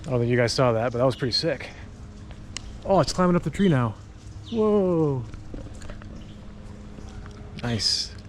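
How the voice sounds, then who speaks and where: A travel vlogger with a medium-pitched voice chats casually to his camera while walking city streets and hill paths, thinking aloud as he goes. Street and traffic noise run in the background.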